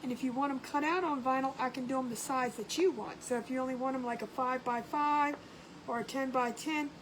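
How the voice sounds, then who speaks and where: Chatty lady doing a craft livestream, high voice, greets everyone by name, faint noise behind. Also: fairly even intonation, a little fast, low-quality recording. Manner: chatty, greets viewers by name, laughs often. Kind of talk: casual live-stream chat.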